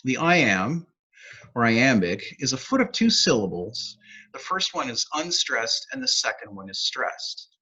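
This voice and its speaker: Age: adult. Sex: man. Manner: upbeat teacher, husky voice. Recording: dull, lo-fi. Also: medium pitch, big pitch swings, a little slow, bright, forceful tone. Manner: upbeat, explanatory, taps out rhythms aloud. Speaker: poet laureate teaching poetry. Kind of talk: educational video talk.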